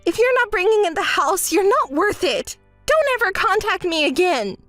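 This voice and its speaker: Woman doing a high, whiny spoiled gold digger, tantrum-prone, dry close sound. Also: big pitch swings, normal speed, fairly bright tone, dry recording, soft background music, heavily acted. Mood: whiny frantic. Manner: whiny, shrill, throws tantrums. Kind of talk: dramatized texting story.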